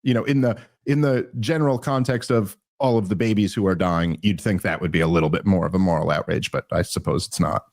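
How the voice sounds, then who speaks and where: A man hosting a political podcast, talking in an animated, indignant way and often restarting his sentences. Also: low-pitched, brisk, gravelly, few pauses, no room sound, studio quality. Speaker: podcast host. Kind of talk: political commentary chat.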